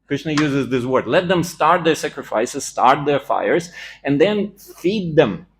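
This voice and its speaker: A man's voice: on the high side, big pitch swings, a little slow. A man giving a scripture class in a temple, telling the story with animation and acting out the quoted lines.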